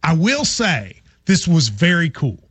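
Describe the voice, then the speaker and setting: A middle-aged man hosting a casual sports talk radio show, telling stories in a lively, chatty way. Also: fairly high pitch, measured pace, husky, dry recording. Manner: animated storyteller, lively and chatty.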